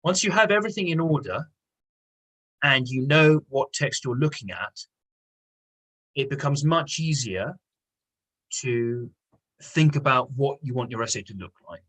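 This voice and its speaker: Male teacher, husky tone, patient explainer giving an online lesson. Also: medium pitch, lively intonation, a little slow, long pauses, fairly bright tone, rough recording. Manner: patient, explanatory, repeats key words. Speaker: English teacher. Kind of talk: online lesson with reading aloud.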